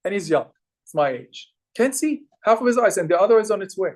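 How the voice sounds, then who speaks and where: A young man giving a lively religious lecture to a live group, asking the audience questions and repeating phrases for emphasis. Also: sits high, brisk. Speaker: religious teacher.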